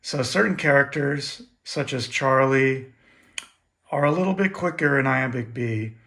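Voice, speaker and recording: A man at his home radio station giving a casual how-to demonstration, explaining in a relaxed way with frequent fillers. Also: medium pitch, unhurried, vocal fry. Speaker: ham radio operator explaining iambic keying. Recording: echoey room with audible background noise.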